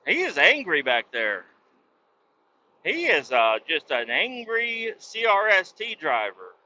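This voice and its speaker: A man's voice: a little high, huge pitch swings, takes it slowly, pushed and bright, lo-fi sound, a little hiss or hum. A man telling stories in a casual, profane, rambling monologue as the host, talking from his truck. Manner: profane, blunt storytelling. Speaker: podcast host.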